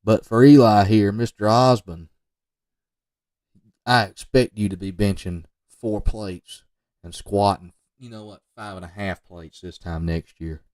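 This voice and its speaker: A man commenting off the cuff on football highlight film, rambling into joking asides and talking straight to the players. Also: steady tone, measured pace, darkish tone, dry recording, studio quality, recorded from a distance. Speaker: football recruiting video reviewer.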